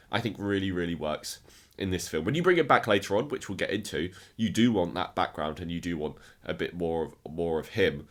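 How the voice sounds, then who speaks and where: Deep-voiced guy doing a chatty film ranking, excited, keeps tripping over his words. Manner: enthusiastic, frequent word repeats and restarts. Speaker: film reviewer. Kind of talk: casual ranking review.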